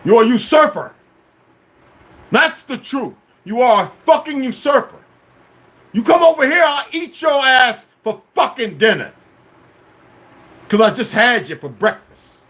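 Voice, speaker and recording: A man ranting on a livestream at his chat, confrontational and full of cursing, swinging between shouting and low muttering. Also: very animated, measured pace, long pauses. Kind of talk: profane livestream rant.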